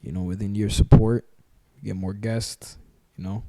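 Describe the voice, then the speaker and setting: A man's voice: lowish voice, steady tone, unhurried, warm tone, dry recording, clean studio sound. A young man co-hosting a podcast in casual chat, emphatic and repetitive, calling his friend "bro" again and again. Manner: emphatic, repeats himself, says "bro" a lot. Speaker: podcast co-host.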